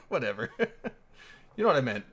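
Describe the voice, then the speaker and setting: A man hosting a casual group chat, excitable and quick to yell and laugh. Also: mid-range voice. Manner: excitable, yells and laughs often. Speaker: show host.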